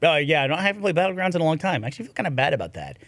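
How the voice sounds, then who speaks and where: Animated joking man on a podcast. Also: on the high side, rapid-fire, dry recording. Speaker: podcast co-host. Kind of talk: casual chat.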